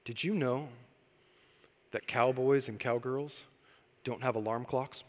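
A man quoting a hushed, earnest little girl. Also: medium pitch, steady tone, slow, big-room sound, slight background noise, voice pushed down, lightly acted. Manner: soft, serious, hushed questioning. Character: earnest little girl, six years old.

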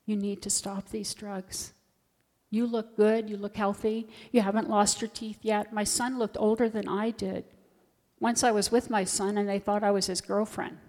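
In a church filled with long reverb, a middle-aged volunteer hospital chaplain tells her story with earnest feeling. She speaks in a mid-range voice with a somewhat dark tone.

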